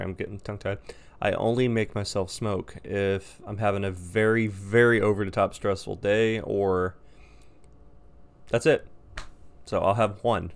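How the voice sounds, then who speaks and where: A man's voice: fairly low pitch, vocal fry. A young man ranting casually to camera as a vlogger, rambling, blunt and profane.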